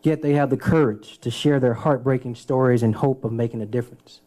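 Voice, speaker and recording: A man, a city mayor, giving a solemn, measured speech at a press conference. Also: medium pitch, steady tone, dark tone.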